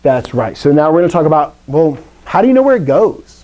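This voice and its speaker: A man's voice: fairly high pitch, sing-song, a little fast, darkish tone, muffled recording. A man teaching a Greek class, explaining rules playfully and asking his students questions. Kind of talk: live classroom lesson.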